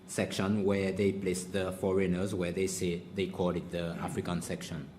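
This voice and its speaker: A male interpreter renders a witness's words into English at a hearing. His voice sits low and stays flat, and he delivers each phrase in a measured way. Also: slight background noise. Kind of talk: consecutive interpreting.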